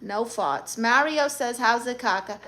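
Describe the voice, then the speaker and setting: A woman's voice: fairly high pitch, a little slow, a bit bright. A woman from Brooklyn with a New York accent, casually chatting on a live stream and firing sassy comebacks at viewers. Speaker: comedian live-streamer reading chat.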